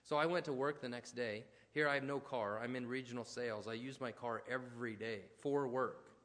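A man preaching in a relaxed, conversational way, slipping into personal stories and asides. His voice sits at an ordinary middle pitch. A long reverb trails each phrase, as in a church hall. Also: fairly quick. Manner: conversational, storytelling, with restarts and asides. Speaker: pastor. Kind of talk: sermon.

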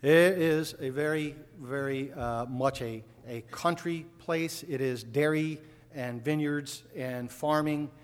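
A man's voice: medium pitch, slow pace, clean tone. A man from upstate New York preaching a sermon, telling family stories in a folksy way and building to fervent emphasis. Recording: long hall reverb.

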